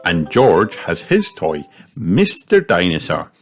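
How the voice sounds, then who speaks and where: A man narrating a children's storybook aloud in an expressive, storytelling manner. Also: deep voice, takes it slowly, faint music behind.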